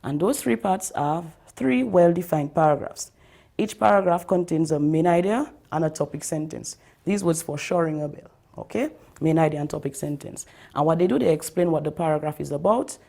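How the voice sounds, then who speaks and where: A woman's voice: vocal fry, warm tone. A woman teacher giving a recorded writing lesson to pupils, explaining step by step and often checking in with "okay?" and "all right?". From Dominica. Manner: stresses key terms by slowing down and lifting pitch.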